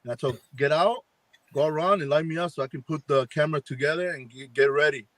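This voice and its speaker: Animated man telling a spooky story. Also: a little high, fast, dry recording. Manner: rambling, acts out quoted dialogue with many fillers. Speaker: paranormal investigator guest. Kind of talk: casual storytelling on a live chat.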